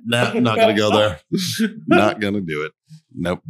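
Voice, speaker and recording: A man's voice: fairly low pitch, moderate pace. A man hosting a podcast, telling crude stories full of swearing and laughter. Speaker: podcast host. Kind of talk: crude casual banter.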